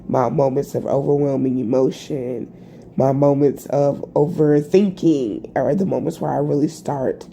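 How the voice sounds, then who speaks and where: A tired woman vlogging a rambling, halting personal reflection, full of fillers and restarts. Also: rumbling low, vocal fry, dark tone, slight background noise. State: tired, yawning. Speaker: spiritual vlogger.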